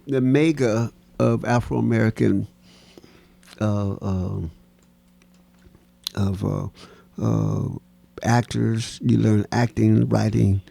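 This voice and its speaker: A man telling stories as an interview guest, animated and laughing, acting out the voices of people in his stories. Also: mid-range voice, vocal fry, no room sound. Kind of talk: storytelling in a casual interview.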